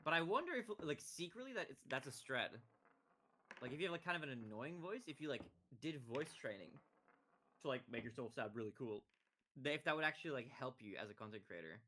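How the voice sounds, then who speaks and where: A nasal male streamer, mid-pitched and bright, rambling and joking casually. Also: expressive, fairly quick, slight background noise. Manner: joking, rambling, many fillers.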